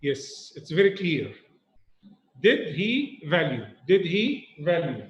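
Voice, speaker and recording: A man teaching a grammar lesson, speaking slowly and deliberately, repeating key words and asking checking questions. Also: fairly high pitch, big pitch swings. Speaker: English teacher. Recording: roomy echo.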